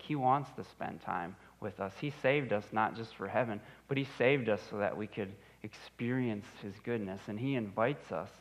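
Pastor, male, thirties, earnest sermon delivery, repeats lines, somewhat low, dull recording. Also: fairly bright tone. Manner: earnest, repeats phrases for emphasis.

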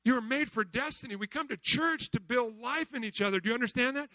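A middle-aged man preaching a sermon as pastor, asking the congregation questions and dropping from loud calls to hushed lines. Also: very high voice, quick pace, no room sound.

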